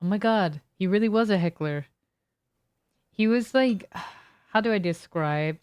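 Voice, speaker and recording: A woman's voice: medium pitch, a little slow, darkish tone, smooth, no echo, studio quality. A young woman streaming a video game, chatting casually with her viewers and telling a long, rambling story full of fillers and restarts. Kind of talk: casual chat while gaming.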